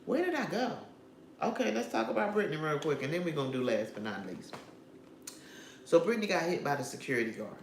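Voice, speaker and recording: A woman talks through celebrity news in a chatty, opinionated vlog, speaking directly to her viewers. Her voice has a gravelly edge. The sound is roomy and echoey, with a faint hum of ambience behind her. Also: low-pitched, sing-song, quick pace. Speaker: vlogger. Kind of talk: casual commentary on celebrity news.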